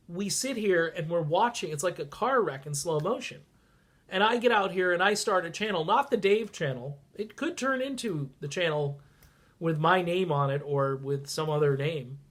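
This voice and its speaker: A man's voice: fairly high pitch, animated, measured pace, a bit bright. A man with a congested, stuffy voice, talking casually and sarcastically on a political vlog, swinging from mutters to sudden outbursts. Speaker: political vlogger.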